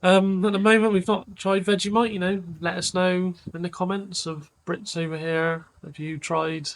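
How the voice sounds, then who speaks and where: Chatty man, slightly high voice. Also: normal speed, low-quality recording. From England. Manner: rambling, relaxed, lots of fillers. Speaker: vlogger. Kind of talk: casual chat.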